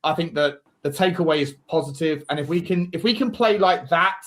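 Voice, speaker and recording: A man's voice: a little high, brisk. Tipsy, boisterous male stream host. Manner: boisterous, jokey, shouting out donors. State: tipsy from drinking. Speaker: watchalong host. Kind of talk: casual live-stream chat.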